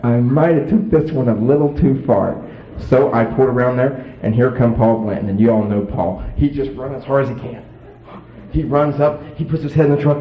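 A man telling a story to an audience in a folksy, animated way, acting out voices. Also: mid-range voice, fairly quick. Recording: echoey tinny phone-like sound.

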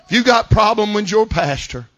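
A male pastor preaching a sermon in a church service, folksy, swinging between loud shouted climaxes and quiet asides. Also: sits high, expressive, moderate pace, lo-fi sound.

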